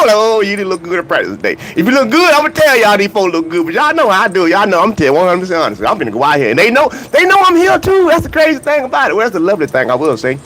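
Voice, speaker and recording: A man's voice: sits high, fairly bright tone, a little hiss or hum, poor audio. A man hosting a casual livestream vlog about track and field, greeting chat viewers by name and talking in loose slang. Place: outdoors near a hotel, humid weather.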